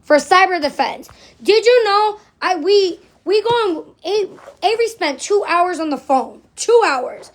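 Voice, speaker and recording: A middle-aged woman with a high-pitched voice rants through a livestream monologue. She is blunt and swears freely, hammering her points by saying them twice. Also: animated, measured pace. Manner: blunt, profane, repeats phrases for emphasis.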